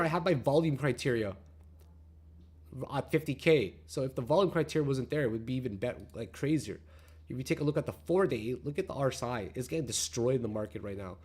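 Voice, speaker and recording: A man hosting a crypto trading channel, giving crude, profane market commentary that swings between mocking rants at his viewers and calmer chart explanations. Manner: brash and crude, shouting and laughing at viewers; calmer, lower explanatory tone while reading charts.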